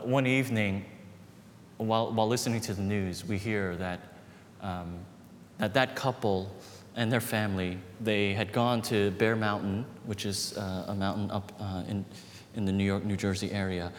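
Man preaching in a reverberant hall. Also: unhurried. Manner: storytelling, animated with dips to quiet. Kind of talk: sermon. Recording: reverberant hall with faint rumble.

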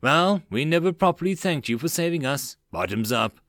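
In a clean studio recording with no room sound, a man voices a sly, curious male commander who asks probing questions. He pitches the character above his own voice, speaking at a moderate pace with an animated, fairly bright tone.

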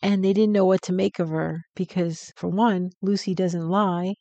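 A woman's voice: lowish voice, fairly even intonation, moderate pace, warm tone, no room sound, lo-fi sound. A woman co-hosting a podcast, chatting about a book and often affirming her partner. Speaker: podcast co-host. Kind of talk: casual book discussion.

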